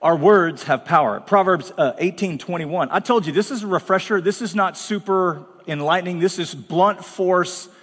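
A man's voice: high-pitched, moderate pace, hardly any pauses, fairly bright tone, big-room sound. A man preaching as pastor, talking bluntly and conversationally with dramatic asides. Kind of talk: sermon. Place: large church hall.

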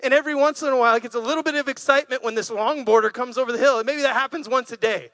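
Man, preacher, high voice, animated storytelling sermon, dry sound. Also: very fast, no room sound.

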